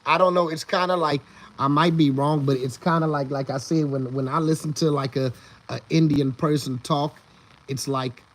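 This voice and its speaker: A man's voice: a little high, fairly even intonation, normal speed. A man hosting a casual live stream who rambles, restarts his sentences and greets viewers in the chat by name. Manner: rambling, with many restarts and repeated words. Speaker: livestream host.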